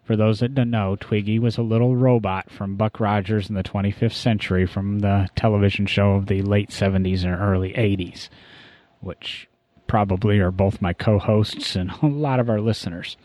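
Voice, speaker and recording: A man's voice: on the low side, fairly even intonation, moderate pace, darkish tone, no echo. A man hosting a casual car podcast, talking in a rambling, easygoing way with frequent self-corrections. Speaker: podcast host.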